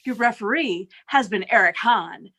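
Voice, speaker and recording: A woman announcing the final score and credits of an online improv show, measured and deliberate, over a video call. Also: medium pitch, lively intonation, bright, forceful tone. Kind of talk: reading results and credits.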